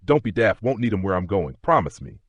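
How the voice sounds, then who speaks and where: Frail consumptive man, raspy, murmured, man reading. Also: sits low, very animated, a little fast, no echo, dull audio. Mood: resigned. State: raspy, weak from coughing. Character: dying consumptive older man, calm.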